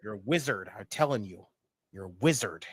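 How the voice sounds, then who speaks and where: Profane, excitable male stream host. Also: fairly low pitch, brisk, husky, no room sound, clean studio sound. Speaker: podcast host. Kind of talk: casual watch-party chat.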